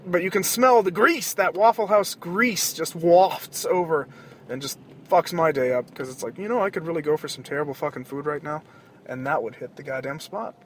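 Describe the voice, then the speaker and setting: High-voiced man ranting profanely. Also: normal speed, slight background noise. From American South. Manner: profane, rambling, animated outbursts. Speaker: podcast host. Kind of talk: casual rambling monologue. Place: car at night.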